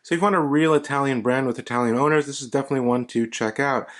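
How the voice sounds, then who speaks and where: A man's voice: medium pitch, rapid-fire, a bit bright. A man narrating a casual watch review in an easygoing way, often doubling his words of praise, recorded as a voice-over for close-up footage. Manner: easygoing, repeats praise words ("really, really nice").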